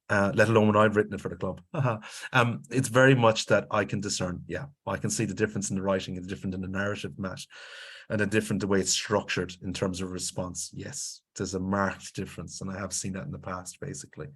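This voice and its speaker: Irish male presenter, lowish voice, emphatic lecturing webinar delivery. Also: flat delivery, brisk, fairly bright tone, husky. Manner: emphatic, lecturing, with frequent check-ins to the audience. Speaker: grants consultant presenting a webinar. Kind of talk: instructional webinar talk.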